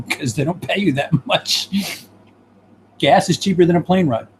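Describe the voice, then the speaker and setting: A woman, a stand-up comedian, in casual chat, wisecracking, swearing freely and quick to laugh. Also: fairly low pitch, slight background noise.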